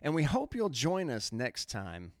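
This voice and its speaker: A man hosting a casual faith podcast, talking in an animated, preachy way and often acting out quotes. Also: mid-range voice, unhurried, a little hiss or hum. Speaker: podcast host.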